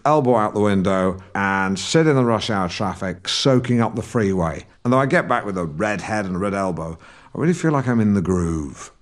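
Smug, pedantic English broadcaster, lowish voice, rambling podcast monologue. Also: male voice. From England. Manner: pedantic, rambling, self-satisfied. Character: pompous self-important middle-aged English broadcaster. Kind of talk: scripted comedy monologue.

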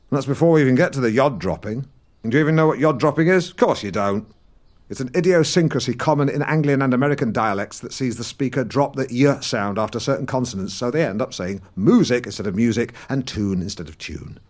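A man's voice: mid-range voice, natural voice. A man performs a vain, touchy middle-aged broadcaster from Norfolk, hosting his own comedy podcast. He talks in a mid-range voice, pompous and defensive, rambling off into tangents and flaring up when provoked. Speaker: podcast host. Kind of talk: comic scripted monologue.

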